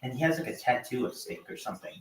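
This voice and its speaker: A man's voice: mid-range voice, fairly even intonation, fast, gravelly, far from the mic. A man hosting a livestream, talking in a loose, profane, rambling way with lots of fillers. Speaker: livestream host. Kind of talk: casual rambling chat. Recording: echoey room, from off-mic, faint background noise.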